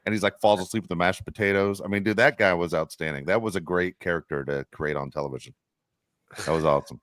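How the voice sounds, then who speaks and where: Deep-voiced man ranting on a podcast. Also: fairly even intonation, fast, a bit bright, no room sound, studio quality. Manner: heated, profane, repeats "dude". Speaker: podcast co-host. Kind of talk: casual podcast rant.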